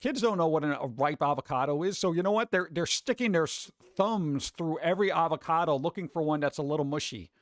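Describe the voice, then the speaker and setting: Male stream host, high voice, dry close sound, chatty and rambling. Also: brisk, few pauses, no echo. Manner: rambling, acts out other people's voices. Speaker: livestream host. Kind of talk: casual stream chat.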